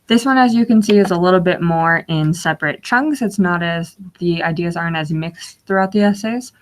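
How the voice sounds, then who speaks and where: A young woman with a lowish voice teaches over a webinar. She explains each slide patiently and fills pauses with small fillers. It sounds like a computer mic on a video call. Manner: explanatory, walks through slides with frequent fillers. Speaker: webinar guest speaker. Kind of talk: instructional webinar presentation.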